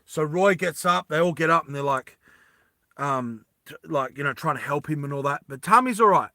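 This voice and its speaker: A man retells an adventure story in a loose, rambling way, full of fillers and restarts. His voice is bright and somewhat high for a man. The sound is close and dry, with no room around it. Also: moderate pace, dry recording. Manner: rambling, animated, with many fillers.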